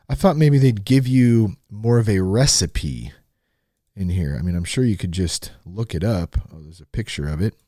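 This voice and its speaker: A man's voice: fairly low pitch, darkish tone, dry recording, clean studio sound. A man hosts a podcast, reading an article aloud in a joking way and mocking its wording. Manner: playful, mocks the wording, laughs often. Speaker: podcast host. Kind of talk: joking read-through of an article. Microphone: studio mic.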